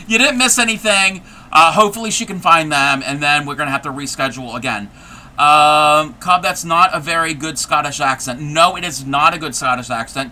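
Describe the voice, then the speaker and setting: A man's voice: a little high, sharp tone. A man hosting a casual crochet livestream, rambling and chatty, laughing often as he talks. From United States. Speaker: livestream host.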